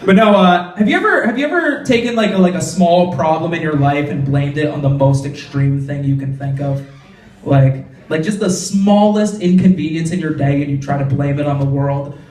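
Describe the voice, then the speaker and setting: A young man tells stand-up jokes in a loose, chatty way, dropping in lots of "like" before each punchline. His voice sits a bit high. It echoes around the club and sounds a little distant from the mic. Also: normal speed, a little mellow. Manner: conversational, frequent "like" fillers, punchy punchlines. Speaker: stand-up comedian. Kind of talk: stand-up comedy set. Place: comedy club stage.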